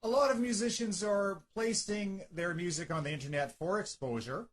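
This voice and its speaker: A man's voice: sits high, normal speed. A man hosting an internet radio show, asking formal prepared interview questions.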